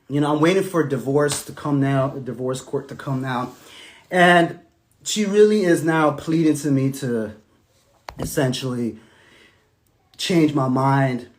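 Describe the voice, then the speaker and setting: Animated man with a lively voice. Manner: animated and emphatic, sinking to soft, low tones when recounting. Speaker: estranged husband telling his side. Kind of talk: casual monologue.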